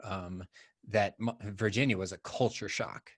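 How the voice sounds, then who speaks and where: A man's voice: lowish voice, steady tone, unhurried. A man hosting a podcast, talking candidly and rambling, with casual swearing. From United States. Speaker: podcast host.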